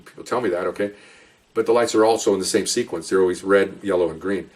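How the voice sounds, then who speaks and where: Fast-talking man telling cop stories. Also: sits low, a little mellow, far from the mic. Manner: rambling, chatty, with many asides and restarts. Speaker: police officer telling stories. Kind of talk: casual spoken storytelling.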